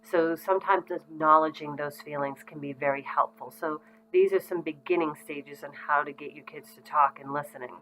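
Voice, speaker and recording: Middle-aged woman, low pitch, casual parenting educator, relaxed and conversational. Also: moderate pace, hardly any pauses, rough recording. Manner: frequent ums, conversational and reassuring. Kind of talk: casual instructional talk to parents.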